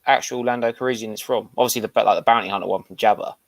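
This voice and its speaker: A man co-hosting a casual toy livestream, telling car boot stories in a relaxed, halting way. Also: fairly low pitch, creaky. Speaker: toy show co-host.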